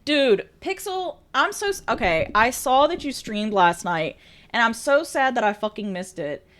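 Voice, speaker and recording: A woman's voice: a little high, big pitch swings, moderate pace, fairly bright tone. A woman streamer chatting casually with viewers, bubbly, laughing often and swearing freely. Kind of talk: casual chat reading viewer messages.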